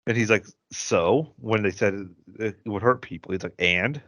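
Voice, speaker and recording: Low-voiced Midwestern man, rambling fan. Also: fairly even intonation, fast, a bit bright, no room sound. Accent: Midwestern American. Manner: enthusiastic fan, rambling storyteller. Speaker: podcast co-host. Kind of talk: casual chat. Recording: dry, dull lo-fi podcast audio.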